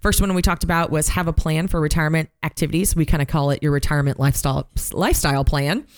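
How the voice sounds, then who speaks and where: Smooth-voiced woman co-host. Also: sits low, fast. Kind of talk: casual financial talk show.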